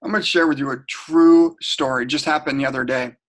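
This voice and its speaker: A man's voice: medium pitch, steady tone, a little fast, fairly bright tone. A middle-aged man giving a casual webinar talk, chatty and storytelling, often repeating and restarting words. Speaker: webinar presenter. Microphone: home webinar setup.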